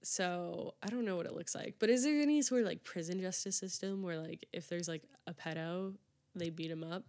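A woman's voice: fairly low pitch, fairly quick, a little mellow. A young woman hosting a solo podcast, chatting casually and rambling with lots of fillers and restarts. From United States. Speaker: podcast host.

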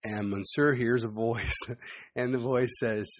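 A man giving a sermon, telling stories in a relaxed conversational way with frequent asides to the listeners. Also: mid-range voice, slow pace. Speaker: preacher.

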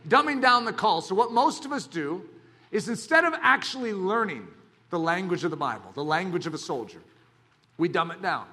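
A man preaching a sermon as a pastor, talking in an animated, dramatic way with bursts of shouting. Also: sits high, fairly quick.

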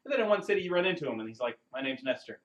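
A man's voice: medium pitch, very fast, muffled recording. Chatty man co-hosting a game review. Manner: relaxed, chatty, dry sarcastic humor. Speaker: podcast co-host reviewing a video game. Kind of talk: casual review chat.

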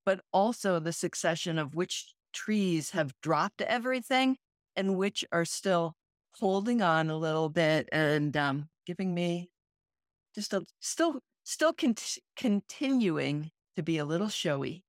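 A woman's voice: fairly low pitch, animated, a little slow, dry recording, clean studio sound. A woman co-hosting a podcast, talking in a thoughtful, reflective way in casual conversation. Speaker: podcast co-host, yoga and meditation teacher.

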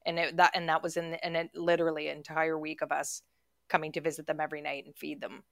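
A woman's voice: deep voice, little pitch movement, fast, creaky, fairly bright tone, no room sound, studio quality. A woman in her forties co-hosting a podcast, chatting casually and telling stories with lots of "like" fillers and frequent laughter. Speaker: podcast co-host. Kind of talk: casual storytelling chat.

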